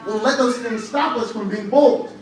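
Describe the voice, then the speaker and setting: A young man preaching a lively sermon, telling stories with humor and rising to shouts at times. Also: very high voice, normal speed. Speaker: church speaker. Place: large church hall. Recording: echoey hall, from far off, faint noise.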